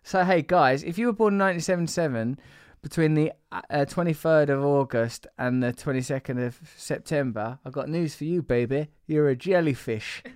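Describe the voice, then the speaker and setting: A man's voice: fairly high pitch, moderate pace, few pauses, a little mellow, clean tone, no echo, studio quality. A man hosting a casual podcast, rambling and jokey, teasing his co-worker and trailing off with fillers. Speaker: podcast host.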